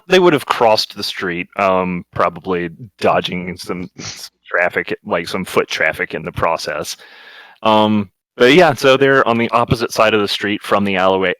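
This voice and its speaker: A man's voice: deep voice, a bit bright, dry recording, poor audio. A young man narrating a tabletop game as game master, rambling along. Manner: rambling, many fillers and restarts.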